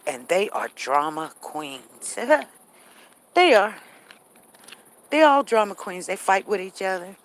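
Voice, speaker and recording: A woman's voice: mid-range voice, sing-song, slow pace, pauses often. A woman hosting a live stream, talking candidly and repeating herself as she walks outdoors through a neighborhood. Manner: candid, repetitive, reads chat comments aloud. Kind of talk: casual chat while walking.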